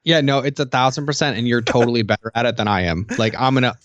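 A man's voice: medium pitch, fast, no echo, muffled recording. A man co-hosting a podcast in casual chat, telling stories animatedly and acting out quotes. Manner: animated storytelling, acts out quotes, many fillers. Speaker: podcast co-host.

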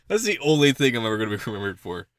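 A man co-hosting a podcast in casual chat, animated and laughing often through his jokes. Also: mid-range voice, dry recording, studio quality. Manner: animated, laughs often mid-sentence, quick jokey asides. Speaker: podcast co-host.

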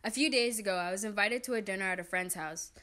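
A woman's voice: medium pitch, fast, fairly bright tone. A woman reading riddles aloud in casual chat with friends, playful and giggly.

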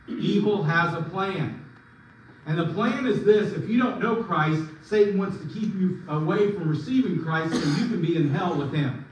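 A man preaching in a fairly high voice, pressing his points with sudden rises and drops. He is heard from a distance in a very echoey hall, with a faint hum of room ambience behind him. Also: moderate pace. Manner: emphatic preaching with sudden swings in pitch and volume. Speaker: pastor. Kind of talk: sermon.

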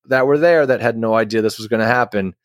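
A man's voice: fairly low pitch, quick pace, dry recording, clean studio sound. A man who is a guest musician, telling a long story in a casual interview, rambling with many restarts and fillers.

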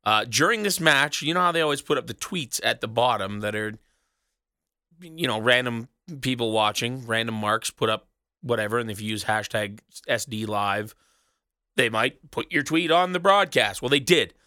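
A man's voice: mid-range voice, moderate pace, bright, forceful tone, no echo, studio quality. A man hosting a solo wrestling recap show, rambling and sarcastic, swearing casually as he talks alone in a small booth. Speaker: wrestling podcast host.

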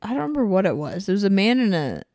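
A woman chatting casually as a podcast co-host, relaxed, with loose, halting phrasing. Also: mid-range voice, no room sound, clean studio sound. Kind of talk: casual chat.

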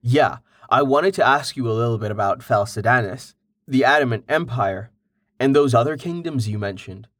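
A man's voice: medium pitch, normal speed, fairly bright tone, no echo, clean studio sound, lightly acted. A man voicing a curious, impatient young man. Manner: inquisitive, exasperated questions.

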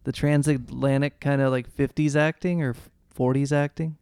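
A young man co-hosting a podcast in casual chat, animated and fond of mimicking voices. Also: medium pitch, normal speed, clean tone, no room sound, studio quality. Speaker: podcast co-host.

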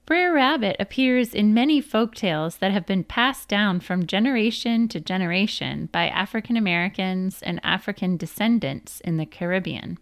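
Lively woman reading a storybook aloud. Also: medium pitch, normal speed, hardly any pauses. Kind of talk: storybook read-aloud narration.

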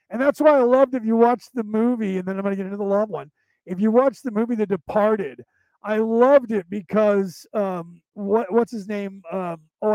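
Man, American accent mixing Southern drawl and Boston, high voice, quick rambling podcast talk, dry close sound. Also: mellow, dry recording, low-quality recording. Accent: American with Southern drawl and Boston touches. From central California. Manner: fast-talking, rambling with many fillers. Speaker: podcast host.

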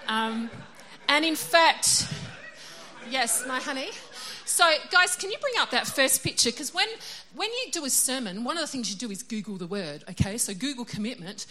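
A woman's voice: fairly high pitch, lively intonation, fairly quick, few pauses, pushed and bright. A middle-aged woman giving a casual, chatty sermon. She is self-deprecating and laughs often. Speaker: preacher.

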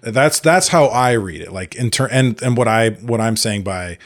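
A man co-hosting a casual movie podcast, talking in an animated way with many restarts. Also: mid-range voice, normal speed. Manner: animated, restarts often, acts out quotes. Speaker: podcast co-host. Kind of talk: casual chat.

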